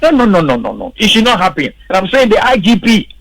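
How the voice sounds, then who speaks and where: Emphatic man, high gravelly voice. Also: huge pitch swings, fast talker, a bit bright, low-quality recording. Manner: emphatic, repeats words for stress. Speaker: political commentator. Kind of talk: radio panel discussion. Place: radio studio.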